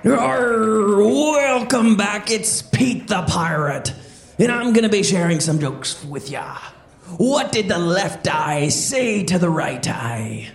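A woman's voice: mid-range voice, expressive, takes it slowly, soft background music, voice pushed down. A woman voicing a jolly male pirate comedian with growly pirate talk for a children's stand-up podcast. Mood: joking. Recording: roomy echo.

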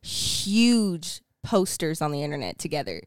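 A woman's voice: deep voice, sing-song, measured pace, no room sound, clean studio sound. A woman in her thirties co-hosting a podcast, talking frankly and animatedly and laughing easily. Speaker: podcast co-host. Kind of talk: casual chat.

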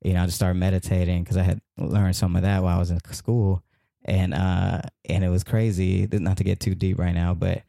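Gravelly low-voiced man telling a story. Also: a little fast, no room sound, clean studio sound. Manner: rambling, animated retelling with many fillers. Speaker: podcast guest. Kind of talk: casual storytelling.

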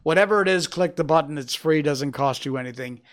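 A man hosting his own show, reading a novel aloud on a livestream in a measured, dramatic way. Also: on the high side. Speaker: show host.

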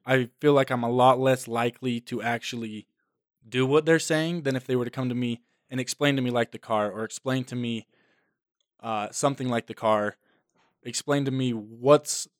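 A man's voice: medium pitch, steady tone, moderate pace, dry recording. Male podcast co-host, thoughtful and reflective, recorded with a dry, close sound. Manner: reflective, speaks from his own view. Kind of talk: casual advice chat.

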